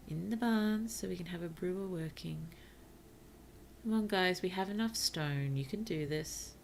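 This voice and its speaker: A tired woman streamer gently chatting with her viewers during gameplay, softly spoken and often dropping to a whisper. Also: lowish voice, normal speed, gravelly, slight background noise. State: tired, yawning. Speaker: virtual streamer. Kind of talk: casual gameplay commentary to chat.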